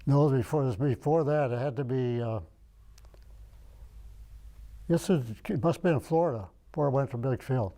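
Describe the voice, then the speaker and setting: Here a veteran from Michigan, an older man, gives an oral history interview, meandering and reaching for memories aloud. His mid-range voice is dark, and he talks briskly but pauses often.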